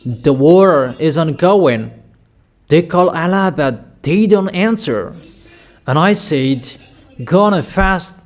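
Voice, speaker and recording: Slow, high-voiced male preacher. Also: a little mellow. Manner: slow, emphatic prophetic declarations. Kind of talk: sermon.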